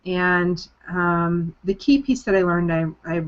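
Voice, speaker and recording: A woman hosts a motivational group call, sounding sincere and emphatic. She repeats key phrases to drive them home, her voice sitting a little low. The audio is muffled and lo-fi, like a conference line. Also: level tone, slow. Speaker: coaching program leader hosting a group call.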